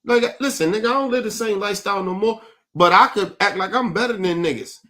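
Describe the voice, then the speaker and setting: A man's voice: high-pitched, fast talker, sharp tone. A man hosting an online talk show, giving blunt, profane commentary and often asking "right?". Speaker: show host. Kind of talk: casual commentary.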